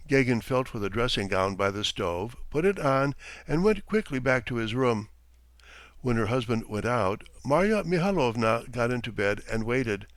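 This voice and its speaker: A man reading a classic short story aloud in an expressive, measured narration. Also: medium pitch, no echo. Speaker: audiobook reader. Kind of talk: audiobook narration.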